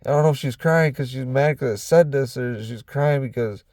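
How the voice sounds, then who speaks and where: A man's voice: medium pitch, moderate pace, a little mellow, no room sound. Man with a half-faked Southern drawl, swearing. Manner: heavy swearing, loose and rambling. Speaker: vlogger. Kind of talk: casual rambling monologue. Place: inside his truck.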